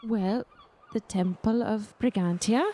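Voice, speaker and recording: A woman's voice: medium pitch, slow, noisy background, close to an everyday voice. A woman voicing a nervous, polite young bird-person cleric who speaks hesitantly.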